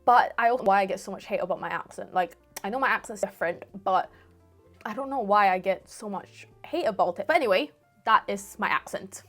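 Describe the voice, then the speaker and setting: A woman's voice: medium pitch, a little fast, a bit bright. Chatty young woman vlogger, music under. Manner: chatty, repetitive, thankful sign-off. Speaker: golf vlogger. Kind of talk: casual chat to camera.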